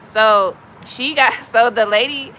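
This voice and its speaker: A woman from Chicago tells blunt, gossipy stories to her livestream chat in a bright, forceful voice. Her delivery is animated and casual, speaking into a phone mic with faint outdoor traffic noise behind her. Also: a little high, slow pace, low-quality recording. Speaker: livestream host. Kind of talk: casual storytelling to live chat.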